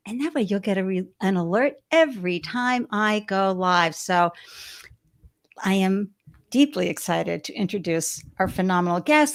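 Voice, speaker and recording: A woman hosting a live-streamed interview show on a video call, gushing and effusive as she greets viewers by name. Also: mid-range voice. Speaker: show host. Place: home studio with balloons behind.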